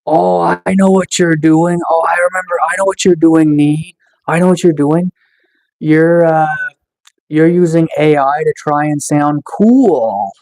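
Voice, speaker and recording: A man's voice: a little high, a little slow, darkish tone. A man live-streaming in a casual chat, teasing and taunting the trolls in his chat with sarcastic mock-tough boasts.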